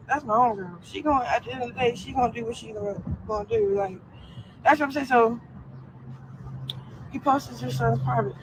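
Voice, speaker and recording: A woman's voice: a little high, slight background noise, rough recording. A young woman ranting on a live stream, defiant and profane, full of fillers. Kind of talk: casual live-stream rant.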